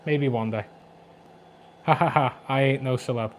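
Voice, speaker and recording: A man in his twenties with a Scouse accent, chatting quickly and jokily on a livestream about his aquarium, reading out viewer comments. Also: mid-range voice, slight background noise. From Liverpool, England. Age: 20s. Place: flat at home.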